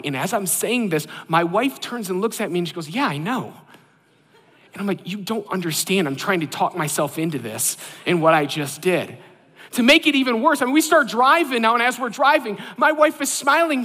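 A man, a pastor, preaching a sermon and telling a self-deprecating personal story in an animated way. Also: sits high, fairly quick. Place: church sanctuary. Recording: long hall reverb.

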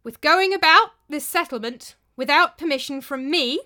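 A woman voicing a nervous young male chieftain who speaks loudly, his voice straining and breaking. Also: a little high, expressive, moderate pace. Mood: commanding.

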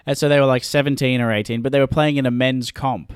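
Man telling a lively story. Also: mid-range voice, quick pace, clean tone, no room sound, clean studio sound. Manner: animated storytelling, laughs often. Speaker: podcast co-host. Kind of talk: casual chat.

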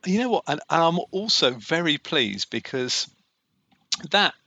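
A man's voice: a little high, very animated, a little slow, bright, forceful tone, no echo. A man co-hosting a podcast, chatting enthusiastically and often repeating himself. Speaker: podcast co-host. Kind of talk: casual chat.

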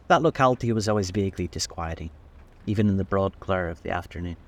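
A man narrating a classic novel aloud in a steady, measured way. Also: sits low. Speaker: audiobook narrator.

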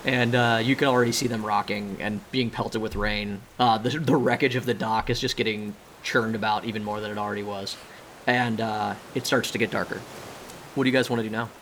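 A man's voice: fairly low pitch, steady tone, brisk, a bit bright, slight background noise. A man narrating as game master of a tabletop game, laughing and swearing in loose banter.

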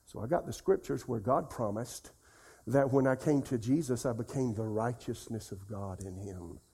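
An older man preaching a folksy sermon as pastor, dropping soft and slow to repeat scripture. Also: mid-range voice, slightly rough.

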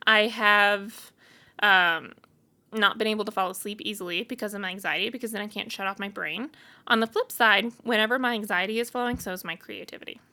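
Alone on her show, the podcast host lets off steam with blunt, casual, exasperated candor. She speaks in a mid-range voice, a little fast, with a sharp tone.

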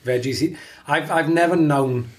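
A man's voice: a little high, normal speed. A man, co-hosting a casual chat and laughing easily. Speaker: podcast co-host.

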